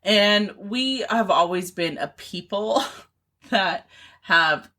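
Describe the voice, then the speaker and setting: A woman's voice: medium pitch, slow, bright, forceful tone. A woman in her thirties co-hosting a podcast in casual chat, rambling with lots of fillers and restarts. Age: 30s. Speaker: podcast co-host.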